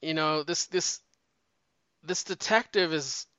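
A man chatting casually and rambling, swearing freely and often restarting his sentences. His voice is bright, clear, and slightly high. The recording is dull and lo-fi, and it sounds dry. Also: slow, no echo. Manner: rambling, profane, frequent restarts. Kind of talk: casual chat.

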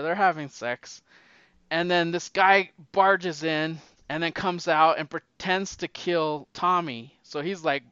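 A man casually retelling a movie plot, animated and acting out the characters' lines in raised voices. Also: a little high, clean tone, no room sound, lo-fi sound.

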